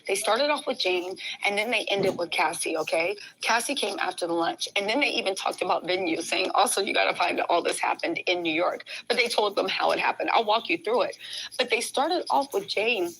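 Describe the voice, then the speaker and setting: A woman's voice: mid-range voice, brisk, fairly bright tone, a little hiss or hum, poor audio. A woman hosting a casual livestream, chatty as she recaps a trial and reads and thanks viewer comments. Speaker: livestream host covering a trial. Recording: crowd chatter in background.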